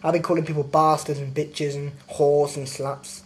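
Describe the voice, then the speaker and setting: A man's voice: on the high side, little pitch movement, moderate pace. A young man ranting in a sweary, indignant video diary with exaggerated complaints. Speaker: vlogger.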